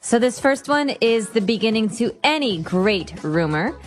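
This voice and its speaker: A woman co-hosting an English-learning podcast, giving clear, deliberate explanations and acting out examples. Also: a little high, lively intonation, faint music behind. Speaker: English teacher podcast host. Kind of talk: casual educational chat.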